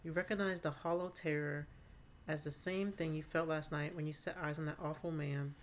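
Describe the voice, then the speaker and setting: Chatty woman streamer, slightly low voice. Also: moderate pace, slight background noise. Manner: chatty, animated reactions, frequent laughter. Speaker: streamer playing a game. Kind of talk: game playthrough commentary and narration.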